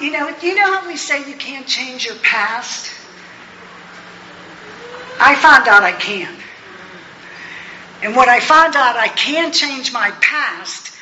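A woman in her sixties tells her life story to a meeting, her high, very bright voice animated and laughing often. The sound is echoey and a little muffled, caught in a hall. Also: a little hiss or hum. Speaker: speaker sharing her recovery story. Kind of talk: personal testimony talk.

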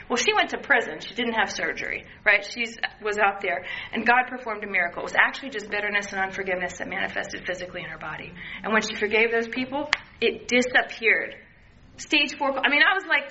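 A woman's voice: fairly high pitch, bright, forceful tone. A woman in her thirties sharing a candid personal recovery testimony, earnest, and acting out quoted voices as she talks. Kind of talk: personal testimony, casual talk. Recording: dull lo-fi sound, faint noise.

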